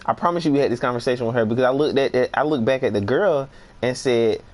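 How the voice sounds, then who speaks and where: A young man casually telling a funny work story while playing a game, animated and laughing, acting out the people he quotes. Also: medium pitch, fast talker. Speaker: gaming streamer.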